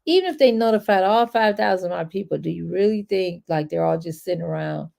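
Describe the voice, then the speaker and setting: A woman's voice: fairly low pitch, animated, fast talker, vocal fry, mellow. A woman wealth and credit coach in a casual, rambling live-stream chat, chatty and encouraging toward her viewers.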